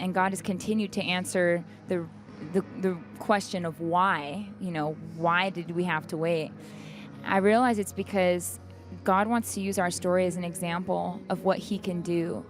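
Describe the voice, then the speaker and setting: With faint music behind her, a young woman who sings gives a casual backstage interview at an event, candidly telling stories and laughing a lot. Her voice sits on the low side, steady in tone and measured in pace.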